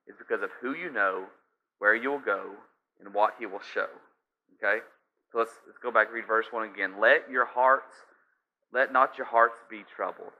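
A man preaching a sermon, emphatic, often restarting and repeating key phrases. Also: fairly low pitch. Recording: slightly dull lo-fi sound.

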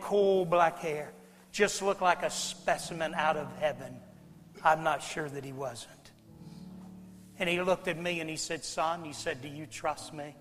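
Preacher, middle-aged man, folksy and dramatic, high voice, echoing hall with soft music under him. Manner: folksy, dramatic, swings from hushed to loud. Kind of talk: sermon storytelling. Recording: long hall reverb, faint music.

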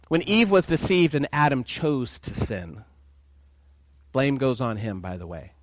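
Animated preacher man, lively pitch. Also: measured pace, no echo. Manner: animated, asks the congregation questions, acts out voices in quotes. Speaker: pastor. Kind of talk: sermon.

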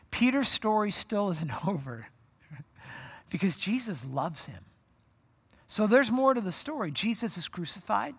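A pastor preaching a sermon in a church, casual and animated, acting out the dialogue with laughs. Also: mid-range voice. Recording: long reverb from a hall.

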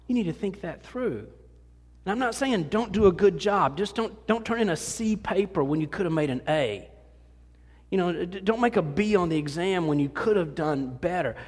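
Preacher guy, kinda high voice, chatty and self-mocking, lots of restarts, echoey church hall. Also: lively intonation, normal speed, breathy edge. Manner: folksy and self-deprecating, rambling with many restarts. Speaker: pastor. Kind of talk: conversational sermon. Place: church sanctuary. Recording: long hall reverb.

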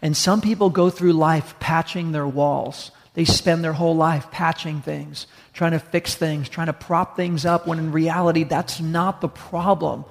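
Male pastor, gravelly, slightly high voice, mid-sermon storytelling, long hall reverb. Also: steady tone. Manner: storytelling, acts out dialogue, slows for emphasis.

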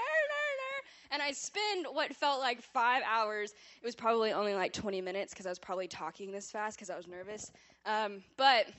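Speaking to a church congregation, a woman shares her personal testimony in a chatty, animated, self-deprecating manner, admitting that she yells when she talks. Her voice sits on the high side.

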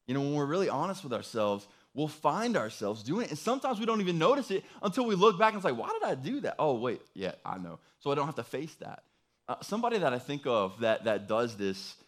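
A man's voice: medium pitch, fairly bright tone. A young man preaching a casual, humorous sermon, chatty and joking, full of fillers like "like" and "you know".

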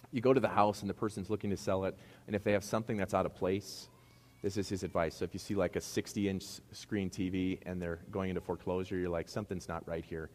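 In a middle school hall, a man preaches a sermon with a voice that sits low and sounds a little mellow. He has a Midwestern American accent, keeps his tone conversational, and throws rhetorical questions at the congregation.

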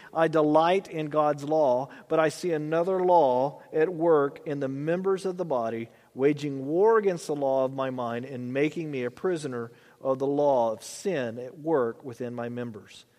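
A man with a high voice preaches a sermon in a church hall. He reads scripture slowly, then builds with rising emphasis. A long reverb hangs on every word. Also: darkish tone. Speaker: pastor.

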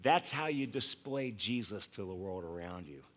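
A man's voice: lowish voice, expressive, moderate pace. A man preaching a conversational sermon to his congregation, acting out scripture quotes and laughing along the way. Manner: acts out scripture quotes in voices. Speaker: pastor.

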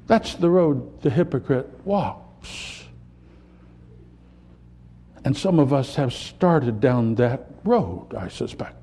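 A man preaching a sermon, building to impassioned peaks and dropping to quiet, reflective lines. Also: medium pitch, animated, slow, pauses often, husky. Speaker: pastor.

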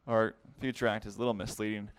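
A man's voice: lowish voice, flat delivery, fast, clean tone, no echo. Male Bible teacher at a whiteboard; explanatory, repeats key terms; close, dry sound. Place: classroom with a whiteboard.

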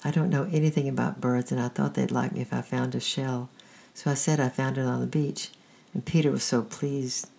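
A storyteller reading the lines of a frightened eleven-year-old girl, timid and pleading, in a creaky, husky voice. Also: mid-range voice, flat delivery, a little fast, mellow, close to an everyday voice. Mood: miserable.

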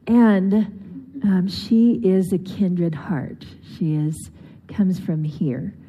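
Low-voiced woman pastor introducing a guest. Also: extremely slow, dark tone, breathy edge. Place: church.

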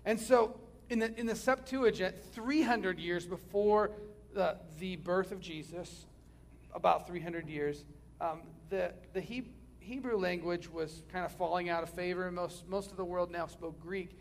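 A male preacher with a high, gravelly voice delivering a sermon. He is dynamic, pushing hard on key phrases and then dropping to a hush. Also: unhurried, a little hiss or hum. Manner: dynamic, swings from loud emphasis to hushed near-whispers.

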